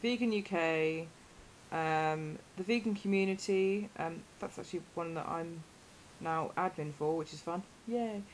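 A woman hosting a relaxed podcast conversation. She rambles on in a chatty way and turns animated when she retells a story. Her voice sits a little low. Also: unhurried, a little hiss or hum. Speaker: podcast host. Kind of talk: casual podcast chat.

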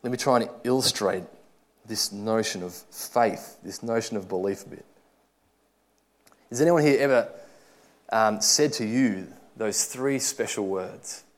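A man preaching a sermon, earnest, swinging from loud urging to soft, quiet asides. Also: on the low side, unhurried, pauses often.

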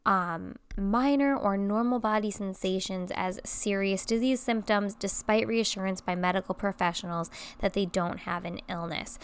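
A young woman in her twenties hosts a relaxed solo podcast, her voice smooth and clear yet a little stuffed up and congested. She talks in a chatty, conversational way, with plenty of ums, at a middling pitch for a woman. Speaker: podcast host. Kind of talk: casual solo podcast talk.

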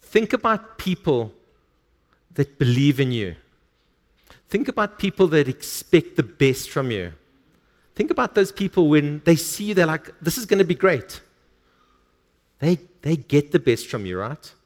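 A man's voice: fairly high pitch, big pitch swings, a little slow. A male pastor preaching a sermon, reading scripture aloud and stressing words emphatically.

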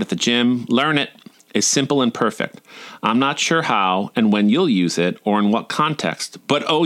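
A man's voice: mid-range voice, a bit bright. A man in his forties reading his own humorous personal essays in a wry, irreverent, playfully profane way. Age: 40s.

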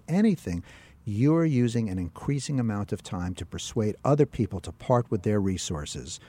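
A man's voice: lowish voice, dark tone. A man hosting an interview, asking long rambling questions with many restarts. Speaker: interview host. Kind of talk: interview conversation.

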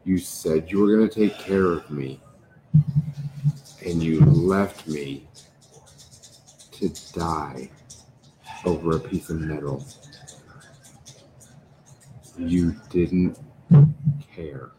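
A man's voice: sits low, slow pace, long pauses, noisy background, voice pushed down. Man doing a tearful betrayed cyborg girl. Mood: tearful accusing. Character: heartbroken young female cyborg, tearful and accusing.

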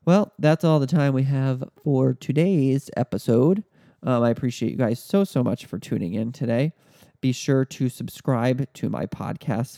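A man's voice: mid-range voice, creaky, dark tone, dry recording, studio quality. A man hosting a podcast, telling a story in a blunt way and swearing freely. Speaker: podcast host. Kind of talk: comic storytelling monologue.

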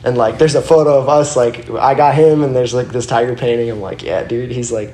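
A man's voice: mid-range voice, fairly even intonation, fairly quick, warm tone. A young man and guest skateboarder telling loose, rambling stories in casual chat, swearing and saying "like" a lot. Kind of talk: casual storytelling. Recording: roomy echo.

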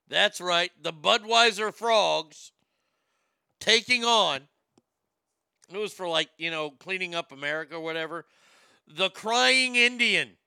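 Brief: middle-aged male host, high-pitched and gravelly, profane comic ranting. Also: a little slow, pauses often, no echo, studio quality. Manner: loud, profane, animated, repeats himself. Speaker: show host. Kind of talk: profane comedic rant and show segment.

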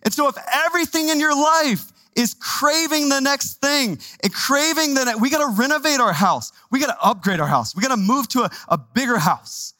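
A man from Texas, a pastor preaching a sermon in a conversational, animated way, with asides to the congregation. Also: extremely high pitch, moderate pace, few pauses, dry recording. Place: church sanctuary.

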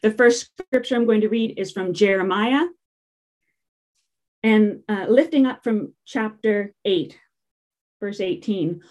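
A woman's voice: mid-range voice, slow, pauses often, a little mellow. A middle-aged woman preacher giving a sermon in a chatty, humorous way, with fillers and asides.

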